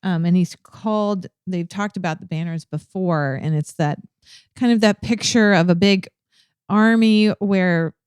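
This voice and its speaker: Low, mellow woman discussing scripture. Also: a little slow, clean tone, dry recording, studio quality. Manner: thoughtful, searching for words with frequent ums. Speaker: co-host of a ministry podcast. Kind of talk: casual Bible study discussion.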